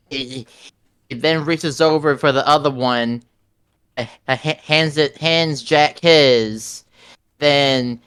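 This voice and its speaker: A man's voice: fairly high pitch, fairly bright tone, clear, resonant tone. A man playing a tabletop game, describing his character's actions hesitantly with many restarts. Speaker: player.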